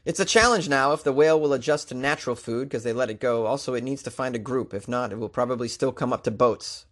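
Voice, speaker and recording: A man's voice: mid-range voice, fast talker, few pauses. A man reading odd news stories aloud and breaking in with sarcastic, incredulous asides, in a casual comedic commentary style. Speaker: podcast host reading news.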